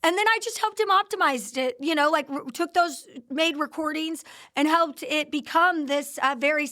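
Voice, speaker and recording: High-voiced woman telling a story. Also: normal speed. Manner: animated, acts out quoted dialogue. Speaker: host sharing her company's founding story. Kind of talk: casual storytelling interview.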